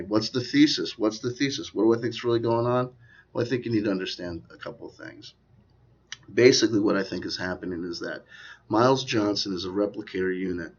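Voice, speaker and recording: A man delivering a rambling, sardonic commentary with frequent asides, recorded in a dull lo-fi quality. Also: lowish voice. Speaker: video commentator. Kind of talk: rambling conspiracy commentary vlog.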